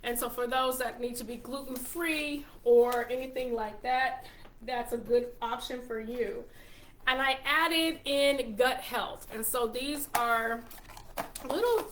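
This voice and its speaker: Chatty Texan woman with a higher voice. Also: a little slow, a bit bright, slight background noise. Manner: chatty, upbeat, lists ingredients with frequent restarts. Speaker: show host and wellness consultant. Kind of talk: casual product talk to viewers.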